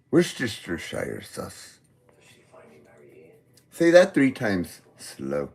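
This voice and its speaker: A man high on weed, rambling goofily in a meandering monologue addressed to God. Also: darkish tone. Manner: goofy, meandering, talks to God. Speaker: vlogger. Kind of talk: rambling stream-of-consciousness monologue.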